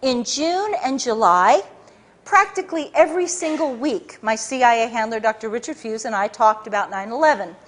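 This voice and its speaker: A woman author giving a talk to a live audience, telling her story in an animated way with many restarts. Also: a little high, moderate pace.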